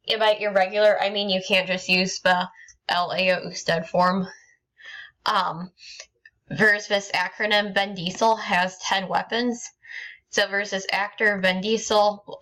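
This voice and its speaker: A woman teacher talks through a recorded lesson at a middling pitch. Her tone is bright and crisp, and she moves step by step with frequent ums and small restarts. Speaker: Spanish teacher.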